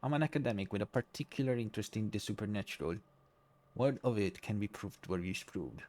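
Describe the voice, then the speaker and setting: A man's voice: on the low side, a little fast, a little mellow, close to an everyday voice. A man voicing a formal, polite male French academic who hunts frauds, with a put-on French accent, reading game dialogue aloud. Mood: courteous.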